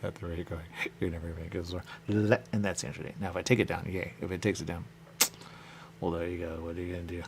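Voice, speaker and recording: This radio host's voice is low, fast and fry-laden, with little pitch movement and a little hiss or hum. He rambles in a loose, musing monologue, repeating the same stock phrases over and over, "there you go" among them.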